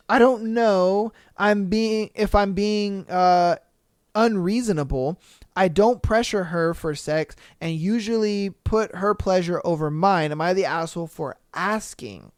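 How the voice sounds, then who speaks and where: A man hosting a podcast, reading listener stories aloud and reacting with animated, profane, mock-outraged asides. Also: high voice, a little slow, clean tone, no room sound, clean studio sound. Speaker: podcast host.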